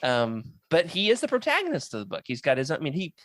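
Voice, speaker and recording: A man's voice: fairly high pitch, huge pitch swings, quick pace, noisy background. A man hosting a podcast in casual chat, playful and teasing, steering the talk to the next topic. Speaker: podcast host.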